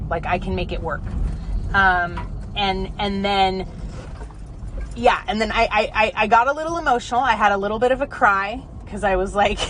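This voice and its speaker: A woman's voice: medium pitch, noisy background. A mother talking candidly to herself in her car, rambling with plenty of fillers and restarts as she works through her feelings. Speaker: podcaster reflecting alone. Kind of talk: casual personal monologue. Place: inside a car.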